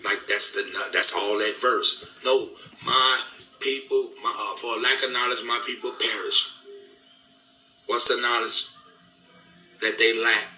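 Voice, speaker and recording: A man's voice: fairly low pitch, little pitch movement, measured pace, long pauses, sharp tone. A man giving an impassioned, preaching talk, fervent and repetitive, in casual vernacular. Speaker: speaker. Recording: echoey room, distant mic, faint music.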